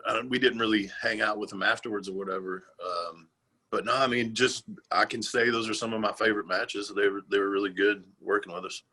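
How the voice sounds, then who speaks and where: A man's voice: lowish voice, fairly even intonation, a little fast, bright, forceful tone, slightly rough, rough recording. A former wrestler, a man answering interview questions in a laid-back but blunt way. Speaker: former pro wrestler, guest.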